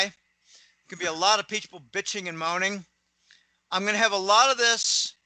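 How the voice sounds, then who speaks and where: A middle-aged man from Pittsburgh, who has lost his local accent for General American, speaks in a fairly high, very bright, cutting voice. The recording is dry, close, and poor, with no room sound. As an opinionated guest commentator in a casual interview monologue, he rambles, drifts into asides, and clears his throat often.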